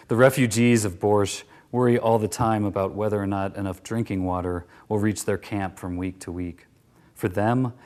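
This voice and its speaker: A man reading his own first-person literary story aloud, measured, trailing off softly at the ends of sentences. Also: fairly low pitch. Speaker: narrator.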